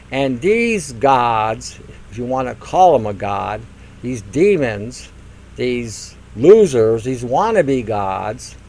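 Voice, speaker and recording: A man's voice: medium pitch, a little mellow, rough recording. An older man hosting a radio talk show, ranting in a mocking monologue and acting out silly voices. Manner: mocking, acts out silly voices, laughs at own jokes.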